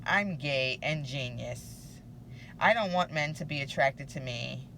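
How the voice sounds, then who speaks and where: A woman's voice: extremely low pitch, animated, a little slow, creaky, bright, forceful tone, a little hiss or hum, full character voice. A woman voicing a snide young adult stepdaughter as she reads out her texts in a scornful tone. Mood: sneering.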